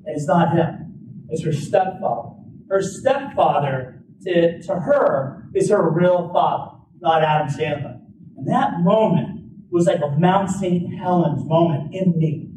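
A man's voice: fairly high pitch, a little slow. A man telling a personal story in a talk, informal, with lots of "like" fillers and restarts. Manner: informal, many "like" fillers and restarts, lively retelling. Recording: roomy, distant mic, faint background noise.

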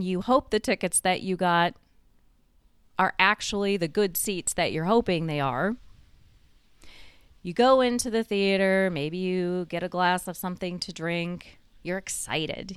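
A woman's voice: medium pitch, clear, resonant tone, no room sound, studio quality. A woman host telling a guided second-person story in a conversational way, drawing the listener into the scene.

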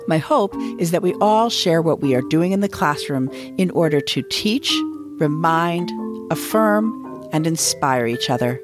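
A woman's voice: low voice, animated, measured pace. A woman hosting a teaching podcast, encouraging and enthusiastic as she talks with a guest and reads her outro. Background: faint background music in outro.

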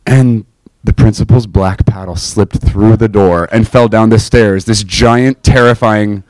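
A young man casually telling a personal faith story to listeners, animated and self-mocking, often checking in with "right?". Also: lowish voice, a little slow, dry recording.

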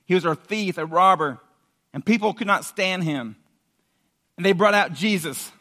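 A man preaches to a room in a lively, casual storytelling style, tossing out questions and working with props. His voice is high for a man and bright, with a quick, informal delivery. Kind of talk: sermon.

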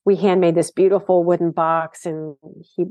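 A woman guest in an interview, telling stories about her design work in a lively, enthusiastic way. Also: lowish voice, moderate pace, no echo. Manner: storytelling, enthusiastic. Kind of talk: casual interview talk.

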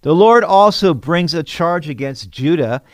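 A man's voice: on the high side, lively intonation, unhurried, no room sound. A man, a pastor, reading scripture aloud and then explaining each verse in plain words. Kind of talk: Bible teaching devotional.

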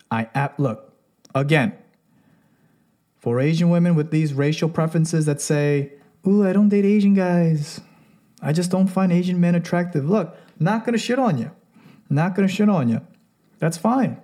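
A man's voice: on the high side, a little mellow. Emphatic man ranting. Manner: emphatic, repeats "look" and "right?". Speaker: commentator. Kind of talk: casual opinion monologue to camera.

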